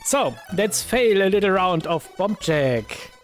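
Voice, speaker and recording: A man with a German accent talks his way slowly through a retro gaming stream, his voice sitting a little high. He pauses on fillers and breaks into yelps when the game goes wrong. Faint chiptune music plays behind him. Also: lively intonation. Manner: slow, thinking aloud with many fillers, bursts of exclaiming at the game. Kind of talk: casual live-stream commentary.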